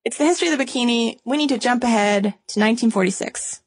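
A woman's voice: fairly high pitch, quick pace, husky, no echo. A young woman co-hosting a podcast in a conversational, playful way. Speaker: podcast co-host. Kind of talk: casual chat.

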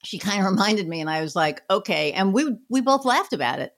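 Appearing as a podcast guest, a marketing business owner talks candidly in a casual chat, cursing freely and performing other people's words. Her mid-range voice moves fairly quickly with big pitch swings.

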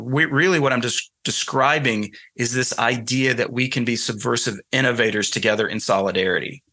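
Bright-voiced Southern man from North Carolina. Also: mid-range voice. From North Carolina, USA. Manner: thoughtful, explanatory, storytelling. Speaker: guest author. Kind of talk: conversational interview.

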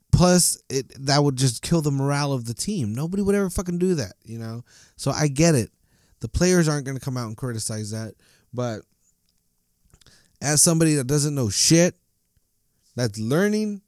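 A man's voice: medium pitch, darkish tone, no echo. Man, angry profane rant, stumbling over words, dry close sound. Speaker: soccer fan commentator. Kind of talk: casual ranting monologue.

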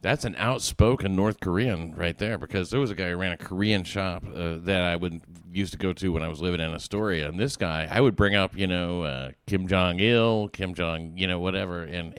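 A man's voice: low-pitched, brisk, hardly any pauses, clean tone, no echo. A man hosting a podcast in casual chat, cracking jokes and teasing his guest. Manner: wisecracking, teasing banter. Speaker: podcast host.

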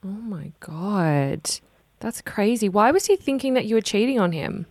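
A woman's voice: medium pitch, animated, normal speed, a little mellow, dry recording, clean studio sound. A woman hosting a casual interview, asking questions and reacting with shocked exclamations. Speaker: host.

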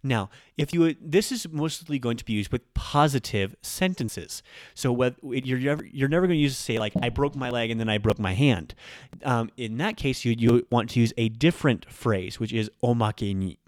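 A man's voice: medium pitch, moderate pace, darkish tone, dry recording, studio quality. A man hosting a podcast lesson, explaining grammar in a friendly, casual way with occasional ums and self-corrections. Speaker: Japanese language teacher and podcast host.

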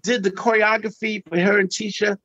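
Animated man telling a story. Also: a little fast, dry recording, highs cut off. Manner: animated storyteller, acts out quotes with pitch jumps. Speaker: guest storyteller. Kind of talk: casual anecdote on a podcast.

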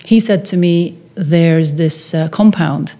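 A documentary filmmaker tells a personal story in conversation, acting out the quotes and frequently restarting. She speaks slowly, with a fairly low pitch and a dark tone.

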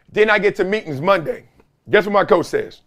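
A man with a high-pitched voice hosts a sports talk show. He tells stories in a loose, slangy way and keeps the commentary animated. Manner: animated, slangy storytelling with laughs.

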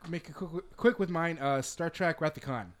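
A man's voice: a little high, moderate pace. Male podcast host, easygoing, casual moderator. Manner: relaxed, brief moderator cues. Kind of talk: casual chat.

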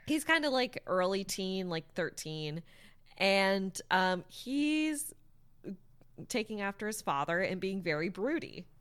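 A woman's voice: mid-range voice, very animated, takes it slowly, fairly bright tone, clean tone. A woman casually retelling a story's plot to a friend, rambling with many fillers and the odd swear word. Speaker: storyteller recapping a book. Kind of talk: casual chat.

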